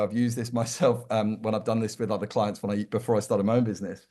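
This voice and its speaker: A man, a consultant guest in an interview, answering at length in a lively, emphatic way and acting out quoted lines. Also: lowish voice, fast talker. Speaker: employer brand consultant, guest.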